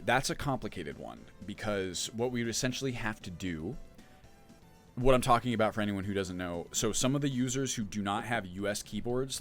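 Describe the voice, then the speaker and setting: A man running a casual livestream, chatting as he explains update details and answers chat, thinking aloud as he goes. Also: fairly low pitch. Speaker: mod developer streaming.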